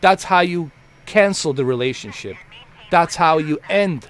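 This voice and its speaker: A man on a live stream, venting at his chat in a blunt, heated and profane way. His somewhat high voice swings widely up and down as he drives his points home, often saying the same thing twice. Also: animated, measured pace, a bit bright, clean tone. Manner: repeats himself for emphasis.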